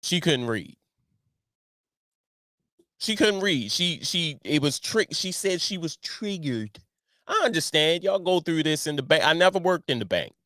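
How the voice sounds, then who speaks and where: A middle-aged man riffs through a casual commentary monologue, his voice sitting a bit high and swinging widely in pitch. He keeps repeating himself, stacking up rhetorical questions and breaking into exclamations. The sound is close and dry, with no room around it. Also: lively intonation, normal speed, sharp tone, no echo. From Baltimore. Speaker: online show host.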